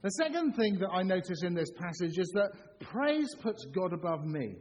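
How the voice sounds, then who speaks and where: A middle-aged man delivering a sermon, bouncing between jokes and earnest points. His voice sits a little high and swings widely in pitch. The sound is slightly muffled, with a long reverb trailing off the walls of a large church. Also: moderate pace, slight background noise. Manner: animated, jokey, acts out shouts. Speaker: preacher.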